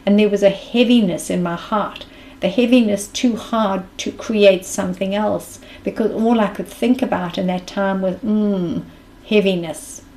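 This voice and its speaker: A woman's voice: medium pitch, fairly even intonation, a little slow, a little mellow, slight background noise, poor audio. A woman with a South African accent giving a reflective mindfulness talk as a spiritual speaker, earnest and thinking aloud.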